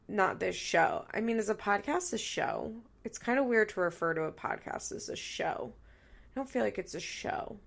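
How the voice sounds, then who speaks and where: Tearful, gravelly-voiced woman podcast host. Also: mid-range voice. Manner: blunt and profane, rambling with self-corrections. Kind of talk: candid casual chat.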